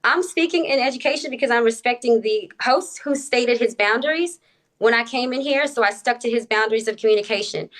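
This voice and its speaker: A woman with a slightly high voice lays out her points into a phone during a livestream debate. She speaks in a measured, deliberate way, pausing on filler words. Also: fairly bright tone. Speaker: TikTok live guest. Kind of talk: casual live-stream debate.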